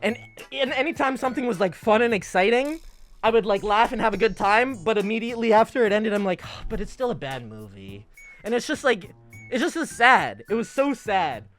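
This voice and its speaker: Chatting with his stream audience, this livestreamer has a very high voice and soft background music. He talks animatedly, cursing frequently and acting out dialogue in short, quick bursts.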